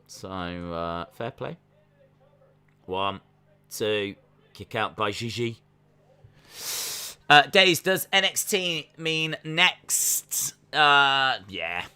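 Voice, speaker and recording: A man hosting a casual live watch-along stream, calling the action and answering chat questions, sometimes jumping into high-pitched disbelief. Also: very slow, long pauses, clean tone, dry recording. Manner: breaks into high-pitched disbelief when excited. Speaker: live stream reaction host.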